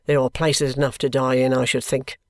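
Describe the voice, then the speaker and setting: Touchy lazy young guy, slow grumbly talk, mid pitch, reader doing him, dry sound. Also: flat delivery, no echo, close to an everyday voice. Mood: grumbling. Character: young man, idle, touchy and grudging.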